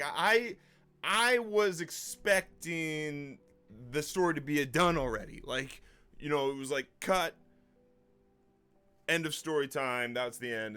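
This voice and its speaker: Animated man telling a personal story. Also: fairly high pitch. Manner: animated, self-conscious, acts out dialogue. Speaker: storyteller, channel host.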